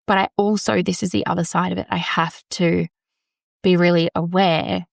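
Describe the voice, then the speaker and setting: Aussie woman podcasting from a storage room, husky low voice, rambly and candid, swears a bit. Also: little pitch movement, moderate pace, no room sound, clean studio sound. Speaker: podcast host. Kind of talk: casual solo podcast monologue.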